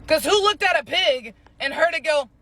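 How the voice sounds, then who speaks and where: A woman's voice: high voice, normal speed, a bit bright, no room sound. A woman doing a comedic rant, exasperated, acting out animal sounds as she goes.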